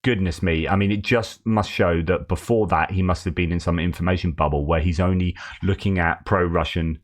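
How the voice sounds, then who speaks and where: A man's voice: sits low, fairly even intonation, fairly quick. A man hosting a news commentary show, talking in a wry, sarcastic way. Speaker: host.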